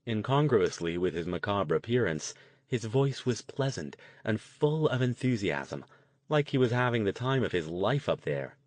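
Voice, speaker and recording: A male audiobook narrator with a lowish voice reads a scripted novel passage evenly and deliberately. No room sound is present in the recording.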